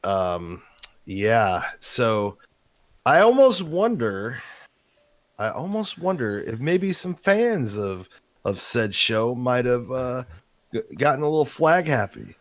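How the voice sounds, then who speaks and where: A man's voice: mid-range voice, sing-song, slow pace, no room sound. A man co-hosting a livestream, rambling casually with many hesitations. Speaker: livestream co-host.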